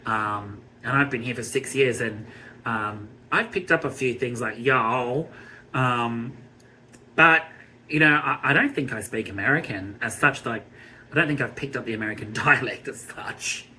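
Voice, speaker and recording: An Australian man giving a blunt, scornful TV review rant, swearing freely and filling pauses with ums. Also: medium pitch, pushed and bright, slight background noise, low-quality recording. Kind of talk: ranting review vlog.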